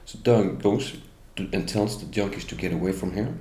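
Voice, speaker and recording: Speaking English with a deep, darkish voice and a fast delivery, a middle-aged Norwegian man tells his story in the first person. He's an interviewee, Norwegian by first language, and his account is indignant and bitter, at times aimed directly at the police. The room sounds echoey, with faint ambience.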